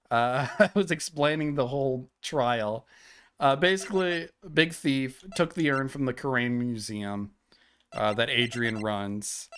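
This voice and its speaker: A man's voice: medium pitch, clear, resonant tone. A young man streaming live, chatting and rambling casually with frequent laughs.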